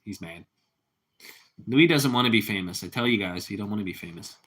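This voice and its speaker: A man's voice: on the low side, lively intonation, brisk, fairly bright tone. A man hosting a casual live stream, rambling easily as he chats with viewers and his cat. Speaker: livestream host.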